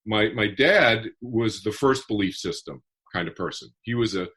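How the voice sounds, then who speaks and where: A man's voice: on the low side, animated, moderate pace, a bit bright, husky. A man who is a guest author on a podcast, explaining his ideas earnestly and step by step. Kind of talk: podcast interview.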